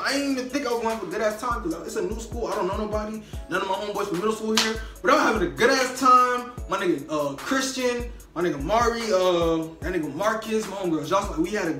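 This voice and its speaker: A high-voiced young man tells a story in a slangy, animated way, acting out what everyone said. He sounds some way off the mic in an echoey room, with faint music underneath. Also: recorded from a distance. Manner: animated, slangy, emphatic retelling with quoted dialogue. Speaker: vlogger. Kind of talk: casual storytime.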